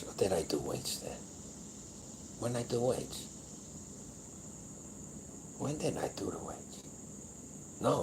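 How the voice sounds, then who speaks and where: A gruff older man in his seventies with a very low voice, rambling on in a casual livestream. He talks in a blunt, boastful way and swears freely, with a faint hum of noise behind him. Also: darkish tone, poor audio. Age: 70s. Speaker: powerlifting channel host.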